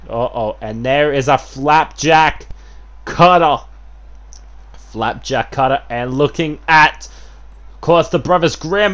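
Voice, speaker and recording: A man giving excitable play-by-play commentary over a wrestling video game, full of fillers and sudden shouts at big moves. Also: a little high, takes it slowly. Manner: excitable, filler-heavy, keeps saying "of course", bursts into shouts at big moves.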